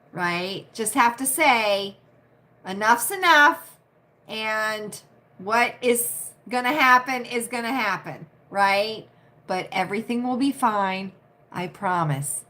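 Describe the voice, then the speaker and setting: A woman's voice: fairly high pitch, lively intonation, takes it slowly, pushed and bright. A woman from the United States hosting a casual live chat with viewers, chatty and repetitive, often adding "right?" and laughing. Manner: chatty, repeats herself, frequent "right?" tags, laughs often. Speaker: livestream host.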